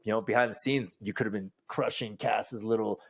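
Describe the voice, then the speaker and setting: A man's voice: fairly low pitch, fairly even intonation, a little fast, vocal fry. A young man hosting a casual podcast chat, teasing and laughing as he quizzes his guest. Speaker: podcast host.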